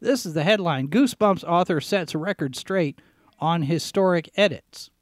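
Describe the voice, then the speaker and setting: A man hosting a talk show, giving sarcastic commentary as he reads out headlines, often clearing his throat and restarting his sentences. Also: fairly high pitch, moderate pace, no room sound. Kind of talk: opinionated commentary, reading headlines.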